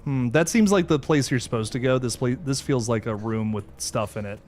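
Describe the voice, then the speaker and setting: A man hosting a horror game let's play, talking to viewers as he plays, jumpy and excitable, swearing when startled. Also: mid-range voice, a little fast. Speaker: gaming channel host.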